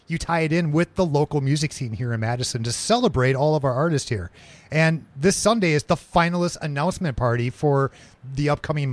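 A man's voice: on the high side, no echo. A man hosting a local radio talk show, friendly and loose as he introduces his guest. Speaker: radio host. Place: radio studio.

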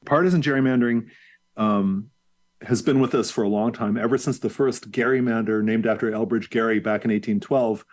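A man's voice: fairly low pitch, steady tone, brisk. A man who is a professor, explaining at length as a guest in an interview, fluent and lecture-like with occasional fillers.

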